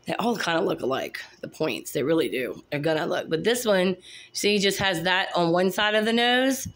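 Speaking at a normal speed with lively intonation, a woman with a lowish voice shows off her kittens one at a time. She's a cat breeder making a casual showcase vlog on a handheld phone, cooing at them in baby talk.

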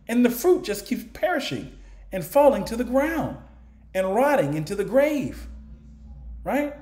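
A man's voice: very high voice, big pitch swings, unhurried, a little mellow, reverberant. A man giving informal bible teaching, asking rhetorical questions and answering them in a conversational way. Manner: conversational, with chuckles and restarts. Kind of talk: informal preaching to camera.

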